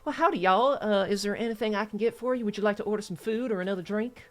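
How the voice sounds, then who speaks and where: A woman's voice: mid-range voice, fast talker, faint music behind, natural voice. A man voicing a chatty human waitress in a tabletop game, with a put-on drawl and gushing apologies. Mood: friendly.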